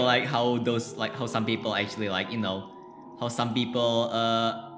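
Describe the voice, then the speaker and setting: A streamer nervously commenting live while playing a horror game, repeating short phrases and swinging between soft murmurs and sudden yelps. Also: medium pitch, steady tone, moderate pace. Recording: roomy sound with game music. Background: game music.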